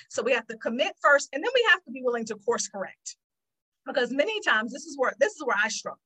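Female Christian teacher, slightly high pitch, animated sermon delivery. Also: fast talker, husky, rough recording. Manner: animated, acts out her own prayers and God's replies.

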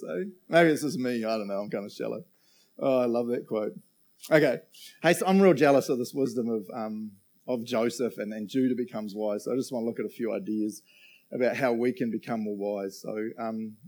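With a medium-pitched, slightly mellow voice, a man delivers a laid-back sermon. He's chatty and jokey, pausing after nearly every point to check in with his listeners.

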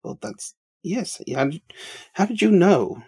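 Husky-voiced, gentle tabletop player. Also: male voice, high-pitched, expressive, measured pace. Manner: gentle, amused. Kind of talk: casual tabletop play.

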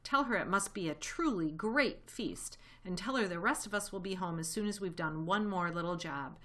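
A woman's voice: on the low side, normal speed, a bit bright, close to an everyday voice. A woman reading a storybook voices a clever, gleeful fox father who gives grand orders. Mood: warm.

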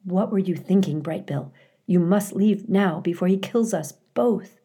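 A woman voicing a calm, polite female robot in a storybook read-aloud, speaking in an even, courteous way. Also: lowish voice, unhurried, slightly rough, dull audio. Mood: urgent.

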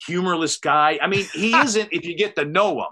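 A man spins a loose, rambling anecdote in casual conversation, voicing each person in the story as he goes. His voice is bright and ringing and sits a little high. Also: fairly quick. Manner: rambling, animated, acts out quotes. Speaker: storyteller guest.

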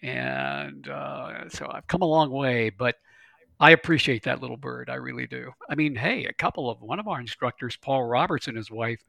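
A middle-aged man, a glider pilot, telling stories in a folksy, animated way during an interview. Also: mid-range voice, moderate pace, creaky, no echo. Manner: folksy, animated storyteller with laughs and stammers. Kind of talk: conversational interview storytelling.

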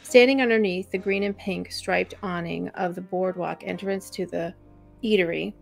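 A woman's voice: fairly low pitch, steady tone, moderate pace, creaky, faint music behind. A woman reading a first-person memoir chapter aloud as a podcast co-host.

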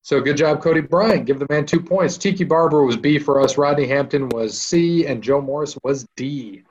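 A man hosts a casual podcast trivia round with brisk, upbeat energy. His voice sits somewhat high, and the recording is dull and lo-fi. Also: darkish tone. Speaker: trivia quiz host.

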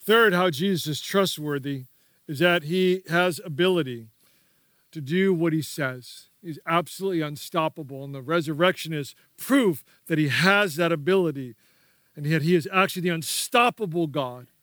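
A man's voice: a little high, normal speed, fairly bright tone, dry recording, studio quality. A man preaching a sermon as pastor, emphatic and repetitive, prompting the congregation to repeat key words.

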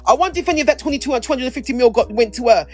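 Rapid-fire and expressive, this high-voiced woman co-hosts a podcast over soft background music. She chats casually in a rambling, playful way, repeatedly restarting her sentences.

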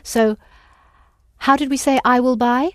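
A woman's voice: high voice, fairly even intonation, measured pace, no echo, clean studio sound. A woman teaching a language lesson, patiently prompting her students with questions.

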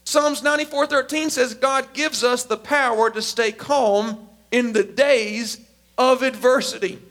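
A man preaching a sermon as a pastor, emphatic and animated. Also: very high voice, a little slow. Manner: animated, emphatic, acts out quotes.

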